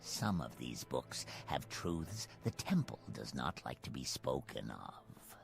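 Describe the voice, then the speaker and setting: Male actor as a grave cat-folk bookseller, very slow and deep, game music behind. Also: sing-song, creaky, exaggerated voice. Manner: slow, grave, speaks of himself by name. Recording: game audio over music.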